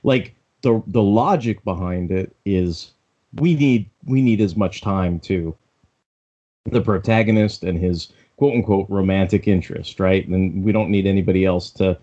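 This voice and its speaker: Low-ish guy rambling on a podcast, lots of restarts, kinda muffled lo-fi sound. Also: a little slow, mellow. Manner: rambling, stammering restarts, laughs a lot. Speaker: podcast co-host. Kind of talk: casual chat. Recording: dull lo-fi sound.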